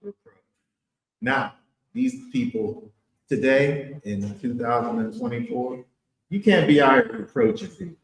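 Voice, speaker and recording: A man teaching a Bible study in an emphatic, animated way, full of rhetorical questions. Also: medium pitch, a little slow, roomy sound, low-quality recording.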